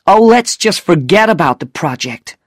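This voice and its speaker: Bold quick-tempered teen girl pitched way up, man putting her on, dry close sound. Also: expressive, a bit bright, dry recording, heavily acted. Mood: impatient.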